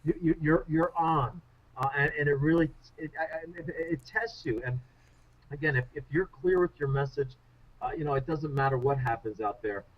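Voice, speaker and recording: Man, speaking coach, interview guest, animated storyteller, self-deprecating, muffled radio sound. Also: a little high, normal speed. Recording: muffled radio show audio.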